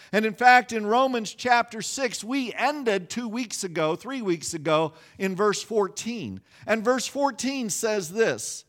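This middle-aged pastor preaches in a voice that sits on the high side. His storytelling moves briskly and leans on self-deprecating humor.

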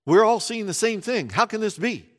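Male preacher, a little high in pitch, animated storyteller who dips into hushed asides. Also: moderate pace. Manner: animated storytelling, acting out scenes with sudden quiet drops. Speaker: pastor. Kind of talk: sermon.

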